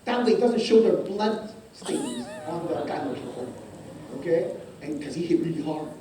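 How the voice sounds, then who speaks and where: An unhurried, high-pitched pastor shares a personal story from the pulpit of a church hall, captured far off with echo, faint ambience, and a little hiss or hum. He frequently asks "okay?", stammers and repeats words, and plays out scenes with energy.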